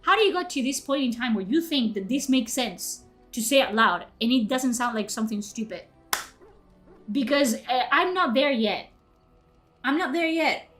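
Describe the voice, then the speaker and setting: A woman's voice: high-pitched, expressive, moderate pace, fairly bright tone. A young woman streaming live, ranting in casual chat with indignant outbursts and swearing. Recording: faint music behind.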